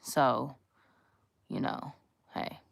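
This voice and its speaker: A woman, chatting casually to viewers as she does a nail tutorial. She talks in a sassy, slangy way. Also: drawn-out words. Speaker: nail content creator.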